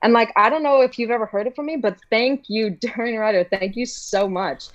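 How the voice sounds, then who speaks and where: Mulher efusiva e hesitante. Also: female voice, on the high side, fairly quick, highs cut off. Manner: effusive, hesitant, many "like" fillers. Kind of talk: casual conversation.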